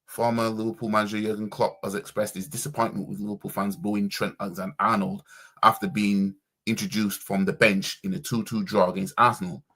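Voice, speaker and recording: A man's voice: lowish voice, flat delivery, brisk, a bit bright, breathy edge. A man reacting casually on a stream as a football fan, with a slangy, stumbling way of talking.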